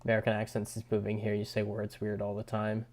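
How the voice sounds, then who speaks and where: A man's voice: on the low side, completely flat delivery, fast talker, a little mellow. A young man streaming live and chatting casually with viewers, laid-back, often chuckling and restarting his sentences. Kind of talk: casual livestream chat reading viewer comments.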